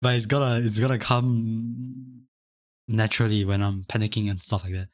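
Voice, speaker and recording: A man's voice: fairly low pitch, steady tone, moderate pace, dry recording, clean studio sound. A young man from Singapore with a light Singaporean English accent, chatting casually on a live stream, rambling and restarting his sentences. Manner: chatty, rambling, many restarts and stammered repeats. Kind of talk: casual live-stream chat, reading chat aloud.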